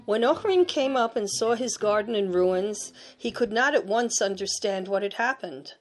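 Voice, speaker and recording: A woman narrates a storybook tale in a measured, expressive reading voice. Her pitch sits in an ordinary middle range. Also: faint music behind.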